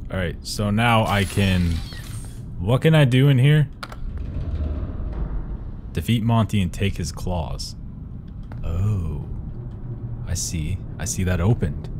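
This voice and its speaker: A young man giving excitable let's-play commentary, swearing and yelling at the game as he plays. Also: sits low, takes it slowly, pauses often, noisy background. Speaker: gaming YouTuber. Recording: game music playing behind.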